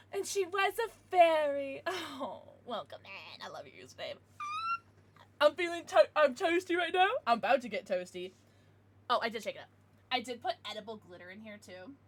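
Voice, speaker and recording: A woman's voice: high voice, very animated, normal speed, slight background noise. A young woman livestreaming, chatting casually and giggling with her chat, thanking followers.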